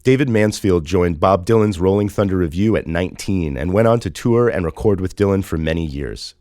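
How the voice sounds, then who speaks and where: A man narrating a podcast segment in a steady, scripted, announcer-like read. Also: low voice, brisk, no echo, studio quality.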